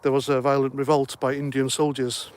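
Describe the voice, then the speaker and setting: In a mid-range voice with completely flat delivery, a middle-aged man talks a little fast while hosting a casual livestream. He goes through comments, rambling and joking, slightly out of breath.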